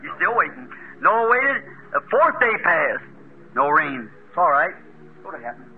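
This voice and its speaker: A man's voice: a little high, very animated, a little slow. A man preacher telling a story in a folksy sermon, chuckling and acting out the characters as he goes. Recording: tinny phone-like old tape with hiss.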